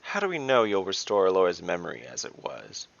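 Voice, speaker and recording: A man voicing a vain female trickster adventurer who talks in a quick, boastful, probing way. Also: low-pitched, wildly swooping pitch, creaky, no echo, exaggerated voice. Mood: curious. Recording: dull dry lo-fi recording.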